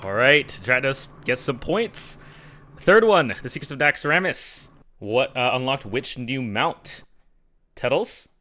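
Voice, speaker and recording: Man quizmaster, bright and sharp tone, bouncy intonation, teasing. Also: medium pitch, sing-song, slow pace. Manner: playful, teasing. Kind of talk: casual podcast quiz hosting.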